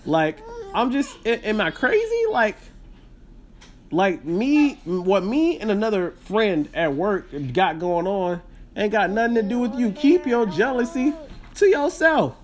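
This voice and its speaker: A man's voice: high-pitched, sing-song, a little slow. A man hosting a podcast, telling a story as a casual, rambling rant full of fillers and restarts. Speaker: podcast host.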